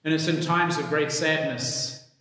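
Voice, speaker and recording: A man, a priest, reading the gospel and preaching a sermon in a slow, measured, reflective way. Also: fairly high pitch, fairly even intonation, sharp tone. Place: church. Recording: echoey church hall.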